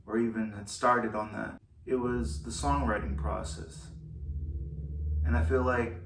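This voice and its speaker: A man, a musician, talking through how he wrote one of his album's songs in a slow, thoughtful way with pauses. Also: on the low side, reverberant, far from the mic, a little hiss or hum. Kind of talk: reflective solo talk.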